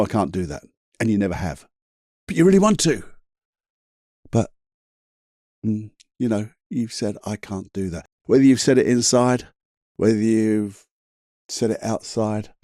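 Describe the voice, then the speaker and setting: A man's voice: fairly low pitch, big pitch swings, normal speed, mellow, no echo, studio quality. A man hosting a solo motivational podcast, talking in a chatty, emphatic way, swearing casually and laughing at himself. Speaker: podcast host.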